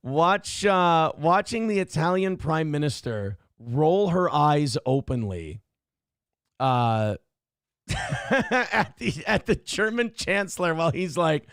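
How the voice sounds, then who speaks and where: Man hosting a show, gravelly voice, fairly high, dry close sound, profane sarcastic news commentary. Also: expressive, slow, dry recording. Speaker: morning show host.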